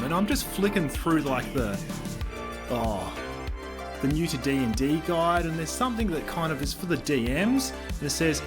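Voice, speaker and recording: Higher-voiced man plugging a podcast. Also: very animated, fairly quick, music in the background. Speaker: podcast co-host. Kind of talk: casual podcast plug.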